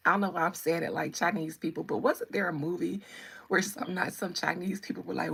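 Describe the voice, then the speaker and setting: A woman's voice: fairly low pitch, steady tone, a little fast, gravelly, fairly bright tone, slightly rough. A woman doing a live-stream tarot session, reading out viewer comments in a sassy, playful, teasing way.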